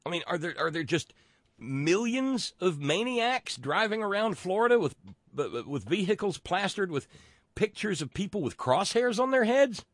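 Middle-aged male host, sardonic political rant, swinging pitch, dry close sound. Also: sing-song, moderate pace, dry recording. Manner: sardonic, profane, stammering restarts. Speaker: podcast host. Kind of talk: political commentary monologue.

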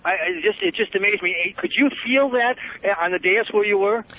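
A man's voice: high voice, fairly quick, dry recording. A man calling in to a radio show, earnest and indignant, rambling a little as he tells his story. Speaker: caller. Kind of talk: call-in chat. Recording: tinny phone line on radio.

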